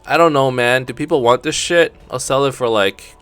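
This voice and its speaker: A man's voice: mid-range voice, moderate pace, a bit bright, clear, resonant tone, no room sound, soft background music. A man hosting a gaming channel, giving laid-back commentary as he plays, thinking aloud and swearing casually.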